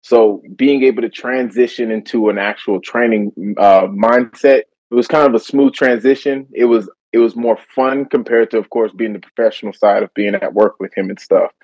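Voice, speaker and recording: A man, a guest in a casual interview, telling his story haltingly with many fillers. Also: mid-range voice, fairly even intonation, a little mellow, dry recording. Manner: hesitant, filler-heavy storytelling. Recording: dull lo-fi call audio.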